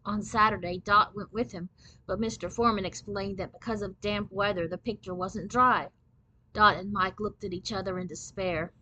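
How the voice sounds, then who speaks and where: A woman reading a children's book aloud in clear, steady storybook narration. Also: mid-range voice, normal speed, rough recording.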